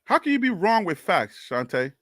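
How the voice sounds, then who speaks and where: A man with a Liberian English accent argues on a live stream in a high, sharp voice. He is animated and exasperated and keeps repeating his questions. The sound is dry and close. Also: normal speed, no echo. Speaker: sports talk live-streamer. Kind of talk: live stream, answering chat comments.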